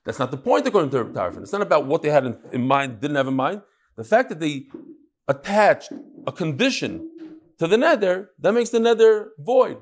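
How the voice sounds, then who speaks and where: Animated man giving a lively Talmud lecture. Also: a little high. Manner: animated, joking storyteller acting out quoted speakers. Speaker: Talmud teacher. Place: lecture room with live audience. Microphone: microphone.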